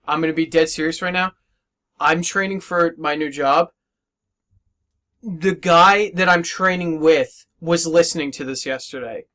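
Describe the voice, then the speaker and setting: A man chatting casually on a podcast with friends, teasing and quick to laugh. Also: on the high side, a bit bright. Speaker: podcast co-host. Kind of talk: casual chat among friends.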